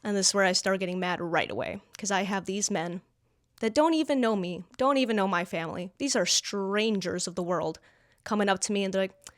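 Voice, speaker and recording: A woman's voice: mid-range voice, a little fast, no echo, clean studio sound. Blunt, exasperated young woman. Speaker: vlogger. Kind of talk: storytime monologue to camera.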